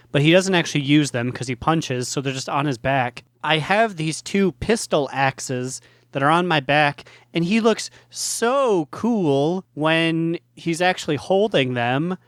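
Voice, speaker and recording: A man co-hosting a gaming podcast, talking in a relaxed, joking way and swearing casually. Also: fairly high pitch, no room sound, studio quality. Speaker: podcast co-host.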